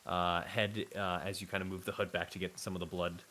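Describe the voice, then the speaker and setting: Man, game master, low voice, rambling hesitant narration, faint hiss. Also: level tone, a little fast, sharp tone, rough recording. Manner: rambling, hesitant scene description.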